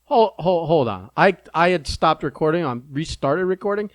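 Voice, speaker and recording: A man's voice: a little high, expressive, moderate pace, no room sound. A man hosting a podcast in a teasing, joking way who laughs often. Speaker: podcast host. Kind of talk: casual chat.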